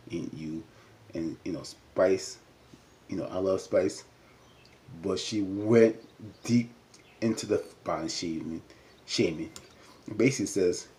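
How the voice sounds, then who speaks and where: A man gives casual recap commentary on a reality show episode, his fairly low voice mellow and warm rather than bright. He rambles with lots of "you know" fillers and keeps jumping up in pitch to act out the cast's lines. A little hiss or hum sits under the recording.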